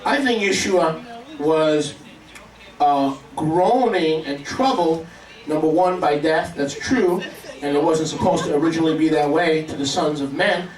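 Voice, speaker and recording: A man's voice: on the high side, a little slow. A man preaching a sermon to a congregation, emphatic and calling for responses. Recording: echoey room, mic at a distance.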